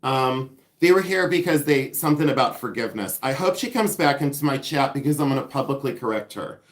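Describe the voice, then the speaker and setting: This jewelry-sorting livestreamer speaks fairly quickly in an expressive, mid-range voice, chatting casually from home. His humor is sassy and self-mocking.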